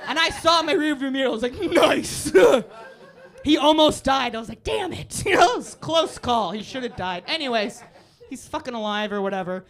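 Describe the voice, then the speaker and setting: A woman doing a live stand-up set on a club stage, brash and profane, breaking into shouts and laughing at her own lines. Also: sits high, animated, fairly quick. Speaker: stand-up comedian. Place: comedy club stage before a live audience.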